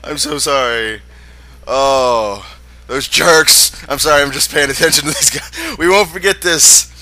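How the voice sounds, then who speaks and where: A man's voice: a little high, measured pace, pushed and bright, pitched above the performer's own voice. A man voicing a flustered young girl in a video game, gushing and apologetic.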